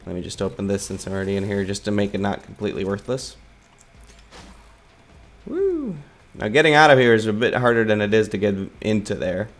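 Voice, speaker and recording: A man's voice: lowish voice, a little hiss or hum. A man giving loose, rambling gameplay commentary, swearing casually and joking at his own expense. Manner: self-mocking asides.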